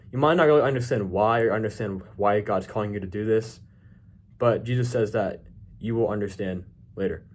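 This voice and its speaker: A young man teaching a Bible verse in a casual devotional video, relaxed and informal with lots of filler words. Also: lowish voice.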